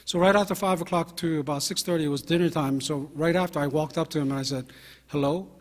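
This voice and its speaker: A man in his fifties, a pastor telling anecdotes in a relaxed sermon, with fillers and self-deprecating humor. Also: on the high side, fast. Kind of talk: conversational sermon storytelling. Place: church sanctuary. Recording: long hall reverb from a church.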